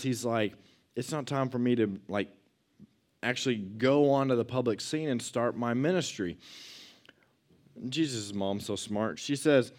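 A man giving a relaxed, conversational Bible lesson to young listeners. He talks at an ordinary mid pitch and keeps it lively, slipping into little performed voices for the people he quotes. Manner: chatty and animated, acts out quoted lines. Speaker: youth Bible teacher.

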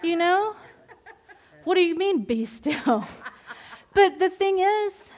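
A woman's voice: very high-pitched, takes it slowly. A middle-aged woman leading a women's Bible study, talking candidly with lots of restarts. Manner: animated and candid, with frequent laughs and restarts. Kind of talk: informal devotional teaching.

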